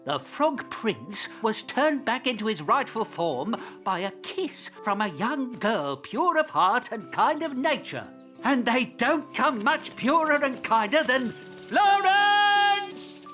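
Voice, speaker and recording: A woman's voice: fairly high pitch, sing-song, unhurried, few pauses, a bit bright. Dougal, a woman playing a huffy pompous dog. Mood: fussing. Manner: exasperated, huffy, indignant. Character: grumpy, pompous male dog turned snail. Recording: music playing underneath.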